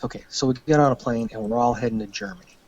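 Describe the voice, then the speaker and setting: A man's voice: medium pitch, rapid-fire, highs cut off. A man, an army veteran and podcast guest, telling a story casually, cursing freely and acting out the lines of the people in it. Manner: animated, profane, acts out quoted dialogue.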